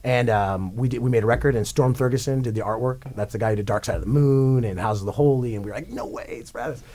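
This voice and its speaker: A man, a rock singer, telling stories as a guest in a radio studio, rambling and excitable as he acts out what others said. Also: medium pitch, fast talker. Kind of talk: casual storytelling interview.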